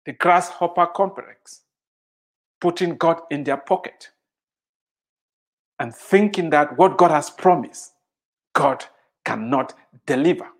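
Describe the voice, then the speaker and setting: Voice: medium pitch, slow, long pauses. A preacher delivering a sermon emphatically, repeating phrases for weight and putting rhetorical questions to the listeners.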